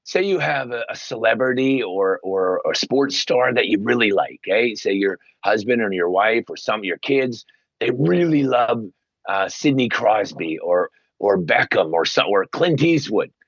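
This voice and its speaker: Enthusiastic male guest, expressive and emphatic, on a dull lo-fi line. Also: unhurried, dry recording. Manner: animated storyteller, acts out quotes with big pitch jumps. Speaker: guest, paid sports superfan. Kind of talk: casual interview talk.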